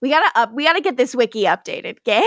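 A woman's voice: high voice, big pitch swings, fast talker, no echo, studio quality. A woman co-hosting a podcast, recapping a TV episode in casual chat, laughing often and acting out the characters' lines. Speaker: podcast co-host.

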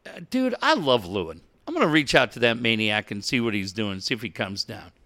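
Lively, bright-voiced middle-aged male host. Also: mid-range voice, a little fast. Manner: animated storyteller, swears casually. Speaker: radio show co-host. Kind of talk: casual chat.

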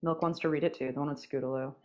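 A woman's voice: low voice, steady tone, very fast, darkish tone, slight background noise. A woman hosting a podcast interview, asking questions in a teasing, playful manner. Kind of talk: casual chat, asking questions.

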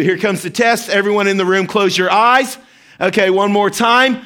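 A man's voice: high voice, normal speed, sharp tone. A man preaching a sermon as pastor at a church service, upbeat and interactive, talking straight to the congregation.

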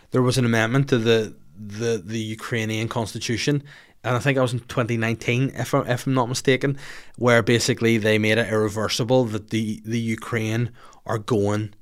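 Male podcast host, casual and profane, cracks jokes while answering questions. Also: medium pitch. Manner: blunt, jokey and profane.

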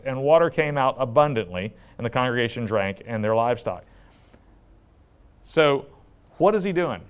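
A man's voice: medium pitch, moderate pace. A man teaching from the Bible in a conversational way, putting questions to his listeners and acting out the quotes with animation. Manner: animated, asks the audience questions, acts out quotes. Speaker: preacher.

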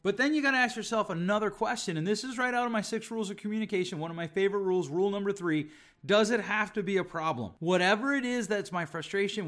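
A middle-aged man with a somewhat high voice, hosting a podcast on relationships. He teaches emphatically, stacking repeated phrases and rhetorical questions as he makes his points. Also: fairly bright tone. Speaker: podcast host, relationship speaker.

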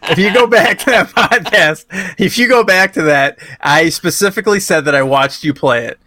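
A man's voice: high-pitched, normal speed, sharp tone, no room sound, clean studio sound. A man co-hosting a casual podcast, defending himself and telling a story animatedly. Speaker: podcast co-host. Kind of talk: casual chat.

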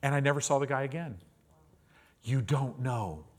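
A man in his fifties preaching, telling a testimony story in an animated way. He repeats words often and acts out the people in his story. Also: mid-range voice, moderate pace. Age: 50s.

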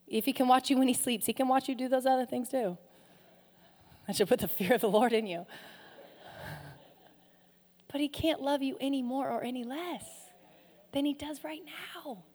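A woman's voice: sits high, normal speed, pauses often. Passionate woman pastor in a reverberant hall. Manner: passionate preaching with sudden loud rises and soft drops. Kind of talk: sermon.

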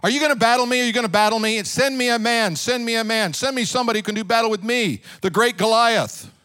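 A man's voice: extremely high pitch, fast talker, sharp tone, clear, resonant tone, pitched above the performer's own voice. A man putting on a taunting boastful giant. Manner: mocking, challenging.

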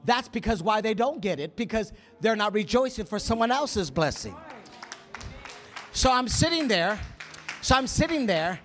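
A man preaching, telling a story in an animated way, acting out quotes with gasps and whispers. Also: high voice, moderate pace, some chatter behind. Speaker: pastor. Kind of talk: sermon storytelling.

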